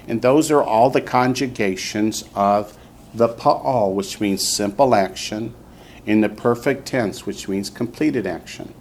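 Slow, patient male language teacher. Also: on the low side, darkish tone, slight background noise. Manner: patient, drills students with repeated pronunciation. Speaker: Hebrew teacher. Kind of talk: classroom instruction. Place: classroom.

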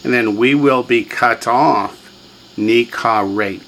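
A man's voice: mid-range voice, unhurried, fairly bright tone, a little hiss or hum, rough recording. A man teaching a classroom lesson, drilling students with repetition and quiz questions. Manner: drills students, has them repeat words, quizzes them. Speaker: language teacher.

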